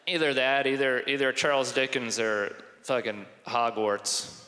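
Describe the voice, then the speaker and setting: A man doing stand-up comedy with crowd work, animated and self-mocking, on stage before an audience. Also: mid-range voice, measured pace. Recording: echoey hall, live stage.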